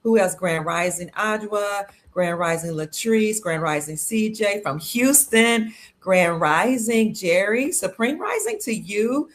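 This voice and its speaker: An upbeat woman from Cleveland, Ohio, hosting a live stream. She talks casually and chattily, reading out comments from viewers. Her pitch is middle-of-the-road for a woman. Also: animated, slow. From Cleveland, Ohio, USA. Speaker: livestream host. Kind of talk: casual livestream chat greeting viewers.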